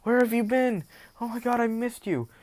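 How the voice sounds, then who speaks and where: A man voicing a tearful, overjoyed mother in a high falsetto in a storytelling recording. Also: sing-song, normal speed, no room sound.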